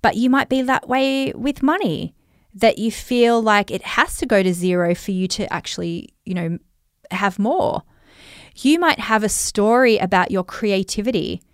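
Australian woman, money coach, chatty and reflective, medium pitch, dry close mic. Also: measured pace, no room sound. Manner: chatty, reflective, lots of fillers. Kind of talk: talking straight to listeners.

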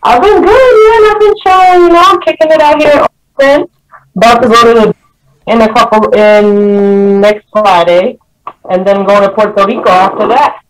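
A woman's voice: a little high, moderate pace, slight background noise, poor audio. Laid-back woman joining a call. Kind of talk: casual video-call conversation.

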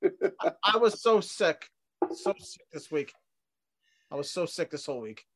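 A man chatting casually, halting and repeating himself as he speaks. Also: a little high, animated, no room sound. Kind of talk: casual banter.

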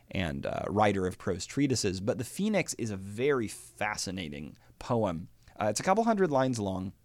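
A man giving a podcast lecture, explaining step by step in an animated, scholarly way. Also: lowish voice, no room sound. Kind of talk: podcast lecture on early Christian writers.

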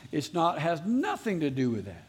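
A man's voice: on the high side, huge pitch swings, moderate pace, husky. A man preaching a sermon as pastor to a live congregation, earnestly repeating his exhortations.

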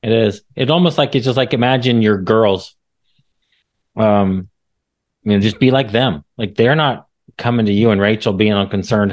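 A man hosting a faith podcast, talking in a relaxed, thoughtful way with many fillers. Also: on the low side, normal speed. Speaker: podcast host. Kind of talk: faith-based podcast conversation.

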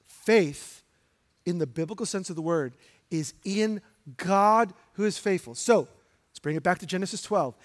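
A man's voice: sits high, normal speed. A man, a pastor, preaching a sermon in an emphatic, direct way and putting questions to the congregation. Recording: long hall reverb.

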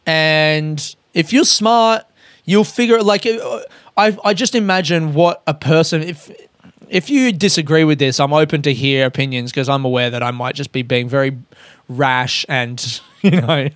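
Man, young adult, casual rant, swears a lot, slightly high voice, close dry sound. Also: fairly bright tone, clear, resonant tone, no echo. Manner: profane, blunt, self-aware. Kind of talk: casual ranting monologue.

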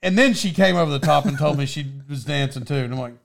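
A man's voice: fairly high pitch, fast talker, gravelly. A man telling rambling stories in casual chat, laughing as he goes.

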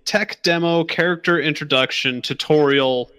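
A man's voice: on the high side, moderate pace, sharp tone, clean tone. A man in a casual gaming podcast chat, easygoing and questioning.

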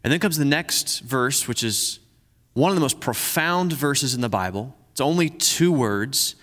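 An earnest male pastor preaching, who often restarts his sentences and drops to a slow, soft tone for scripture. His voice sits at an ordinary middle pitch. The sound trails off in the long reverb of a church hall. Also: animated. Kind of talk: sermon.

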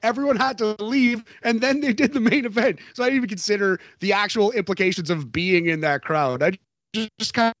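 A man's voice: high-pitched, brisk, no echo, dull audio. A man co-hosting a podcast, chatting casually and jokily about a wrestling show and laughing often. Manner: animated, jokey, laughs often. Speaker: podcast co-host. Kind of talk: casual wrestling recap chat.

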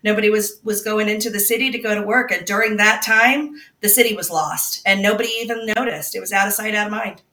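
A woman's voice: medium pitch, fairly even intonation, fast, few pauses, sharp tone, echoey room, far from the mic. A woman talking as a guest reporter in a casual political chat, rambling with restarts and frequent laughs.

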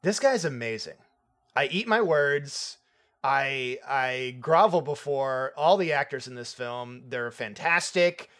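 A young man co-hosting a casual movie review podcast, excitable, laughing often and swearing casually. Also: medium pitch, slow pace. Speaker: podcast co-host.

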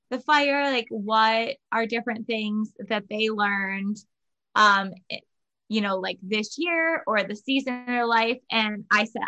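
Bright, chatty woman podcast host. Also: fairly high pitch. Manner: upbeat, chatty, repeats phrases for emphasis. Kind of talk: casual podcast chat.

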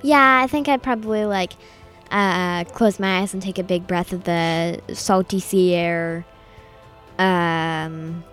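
A woman's voice: on the low side, fairly even intonation, takes it slowly, fairly bright tone, soft background music. A woman playing a tabletop game, hesitant and stammering, often laughing. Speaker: player.

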